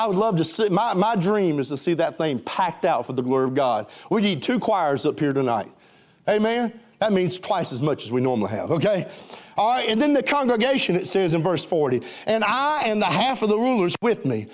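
A male pastor preaching an animated sermon in a church and leading the congregation in call-and-response singing. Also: sits high, fairly quick. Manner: animated, leads the crowd in call-and-response song. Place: church sanctuary.

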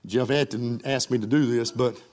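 A middle-aged man preaching a sermon, fervent, rising to loud highs and falling to soft lows. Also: steady tone, normal speed. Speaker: pastor.

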